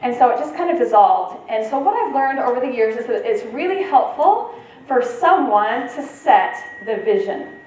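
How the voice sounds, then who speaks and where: A woman's voice: a little high, animated, moderate pace, a little mellow, a little hiss or hum. A woman presenting at a retreat, giving an informal talk to a live audience in a conversational way and checking in with her listeners. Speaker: conference presenter. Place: meeting room at a retreat. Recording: very echoey room, voice from far off, faint ambience.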